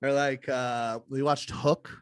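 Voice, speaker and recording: A man's voice: medium pitch, flat delivery, slow pace, clear, resonant tone, no room sound. A young man and father co-hosting a podcast, joking casually and acting out quoted voices. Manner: jokey, acts out quoted voices. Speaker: podcast co-host. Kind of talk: casual banter.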